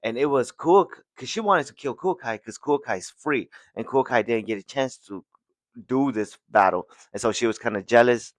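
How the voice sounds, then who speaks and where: Dude podcast host rambling through a recap, chuckles a lot, close mic, super dry sound. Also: male voice, mid-range voice, normal speed, no room sound. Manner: rambling, restarts, chuckles often. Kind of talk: casual chapter recap.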